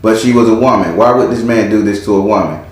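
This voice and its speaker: A man's voice: fairly low pitch, quick pace. A man giving a casual past-life tarot reading, blunt and profane, telling the story vividly with sound effects. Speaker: tarot reader. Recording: very echoey room.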